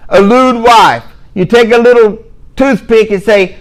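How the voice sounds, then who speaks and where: A man's voice: extremely high pitch, a little slow, low-quality recording. A middle-aged man giving a religious lecture, emphatic and given to sarcastic asides. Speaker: Muslim speaker giving a talk.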